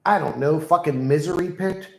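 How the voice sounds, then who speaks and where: A man's voice: fairly high pitch, moderate pace, gravelly, reverberant, rough recording. A man hosting his own channel, ranting casually and bluntly with lots of swearing, dictating punctuation aloud to a voice assistant with the mic right next to him. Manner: talks loudly into the mic. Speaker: channel host. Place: room at home.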